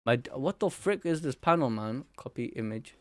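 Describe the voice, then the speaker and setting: A young man hosting an anime channel, reacting live to a manga chapter in an excitable, slangy, exclamatory way. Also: medium pitch, normal speed, no echo, clean studio sound.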